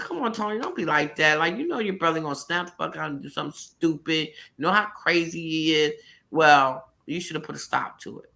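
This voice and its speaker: A middle-aged woman casually telling a personal story, animated and laughing, jumping into high voices for quotes. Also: a little fast, vocal fry, low-quality recording.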